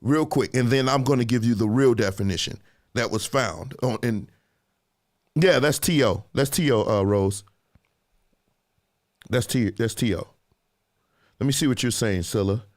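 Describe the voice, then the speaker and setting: A man's voice: mid-range voice, unhurried, pauses often. A man hosting a live discussion show, chatting casually and reading out viewer comments as he quizzes his audience. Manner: animated, conversational, quizzing the audience. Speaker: livestream show host.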